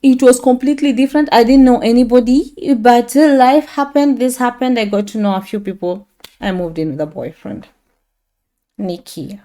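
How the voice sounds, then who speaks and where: A woman's voice: a little high, normal speed, dark tone. A woman in her thirties telling a personal faith testimony in a rambling, casual way with many fillers and restarts. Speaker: testimony speaker.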